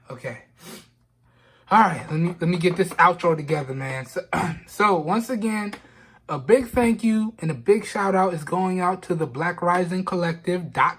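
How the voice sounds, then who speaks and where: Husky and fairly bright, this vlogger's voice sits high as he casually unboxes a product for review. Struggling not to cry, he often repeats himself and keeps saying "man" and "y'all."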